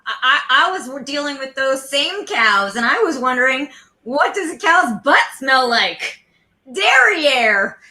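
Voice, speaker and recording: A woman competing in a pun contest, telling her jokes with brisk setups. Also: high-pitched, very animated, bright, forceful tone, echoey room. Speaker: comedy contestant.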